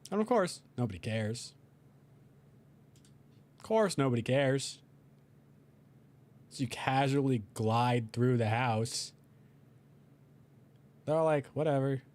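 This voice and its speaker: A young man giving casual, animated commentary while playing a life-sim game, talking to his characters and voicing their reactions. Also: medium pitch, slow, long pauses. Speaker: gaming video creator.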